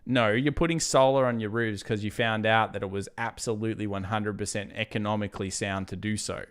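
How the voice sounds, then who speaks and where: A man's voice: on the low side, animated, moderate pace, a bit bright, clear, resonant tone. Chatty man reading market charts. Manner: casual, chatty, drifts into fired-up rants. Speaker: trading livestream host. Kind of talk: live market chart commentary.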